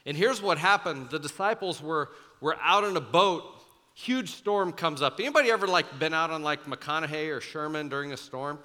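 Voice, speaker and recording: A young man preaching to students as a youth pastor, telling the story in a casual, animated way with many fillers. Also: a little high, moderate pace. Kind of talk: sermon. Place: church auditorium. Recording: large hall with long reverb, faint music.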